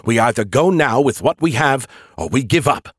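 A man's voice: mid-range voice, expressive, moderate pace, slightly rough, no echo, studio quality, pitched above the performer's own voice. A man voicing an arrogant, snarky male AI hologram in an audiobook, talking in urgent, clipped, formal sentences.

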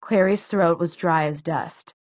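A woman's voice: lowish voice, a little slow, no echo. Woman narrating a story, tinny sound. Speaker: audiobook narrator. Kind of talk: scripted narration. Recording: tinny phone-like dry sound.

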